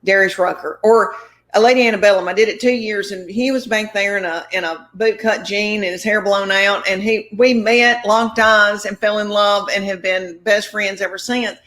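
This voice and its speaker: A woman spins rambling showbiz stories. She acts out every quote and keeps the chat lively and casual. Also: mid-range voice, moderate pace. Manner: rambling, animated anecdotes with quoted dialogue. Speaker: comedian guest. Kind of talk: storytelling interview chat.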